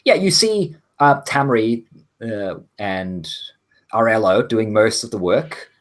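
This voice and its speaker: A man narrating a tabletop role-playing game as game master, in a loose, casual way with many pauses and restarts. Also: on the low side, lively intonation. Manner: casual, many ums and self-corrections.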